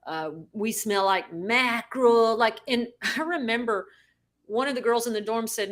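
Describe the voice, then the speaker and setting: A woman co-hosting a podcast, telling a story in a lively way and acting out the people she quotes. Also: a little high, unhurried. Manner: animated, acts out quoted voices. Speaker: podcast co-host. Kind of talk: casual storytelling.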